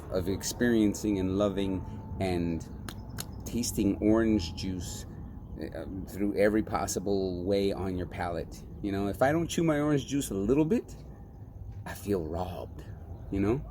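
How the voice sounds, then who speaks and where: A man's voice: low voice, background noise. A man hosting a casual drink-tasting vlog, reading the can label aloud and joking playfully between sips. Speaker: beer review vlogger.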